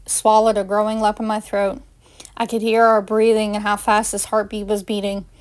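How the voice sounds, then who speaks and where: A woman reading her own first-person fan story aloud, with small slips and restarts. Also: mid-range voice. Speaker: fanfiction reader.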